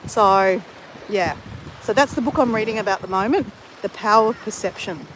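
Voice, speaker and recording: A woman's voice: mid-range voice, normal speed, background noise. A woman talking to camera in a casual vlog, blunt and candid, swearing freely. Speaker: travel vlogger.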